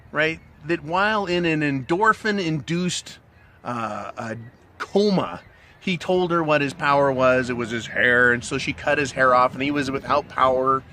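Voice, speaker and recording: This middle-aged man's voice sits on the high side, bright and forceful, with slight background noise. He's a commentary channel host giving a casual to-camera monologue, crude and blunt and rambling, smoking a cigar and asking "right?" again and again.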